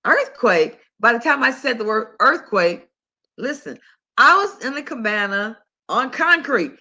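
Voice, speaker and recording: Bright-voiced chatty woman host. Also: fairly high pitch, unhurried. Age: older. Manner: chatty storyteller, animated and conversational. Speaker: health talk host. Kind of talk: casual monologue to listeners.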